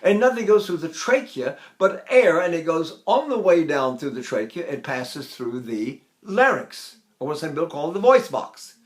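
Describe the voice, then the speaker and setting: An older man teaching vocal technique in a lecture, talking in an animated, demonstrative way and breaking into sung examples. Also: fairly high pitch, moderate pace, few pauses.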